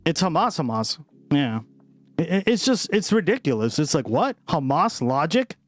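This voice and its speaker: A man's voice: on the high side, big pitch swings, moderate pace, dry recording, soft background music. Profane, rambling young man streamer. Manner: casual, profane, rambling with frequent "right?". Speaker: political livestream host. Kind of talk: casual livestream chat with viewers.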